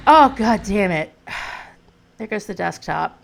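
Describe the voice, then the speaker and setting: A woman doing gameplay commentary who shouts frantic commands at her character, swears a lot, and talks calmer and self-deprecating between fights. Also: medium pitch, a little slow, creaky, faint music behind.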